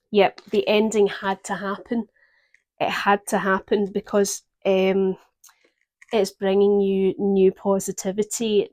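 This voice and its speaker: A woman giving a gentle, reflective tarot reading, pausing often to think. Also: mid-range voice. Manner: gentle, reflective, with pauses and fillers. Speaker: tarot reader.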